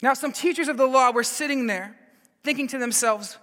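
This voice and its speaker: A man preaching a sermon, energetic and laughing, with frequent stammered restarts. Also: very high voice, fast, in a large hall. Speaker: pastor and Bible teacher.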